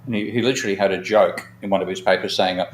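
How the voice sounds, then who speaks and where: A man's voice: sits low, steady tone, rapid-fire, echoey room, a little hiss or hum. A man, an economist hosting a live discussion, telling long anecdotes in a frank, rambling way and swearing at times. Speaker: economist and show host.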